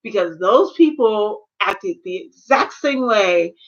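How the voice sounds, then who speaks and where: A woman vlogger ranting casually about shows, slangy and animated, acting out her own reactions. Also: mid-range voice, takes it slowly, muffled recording. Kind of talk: casual rant to camera.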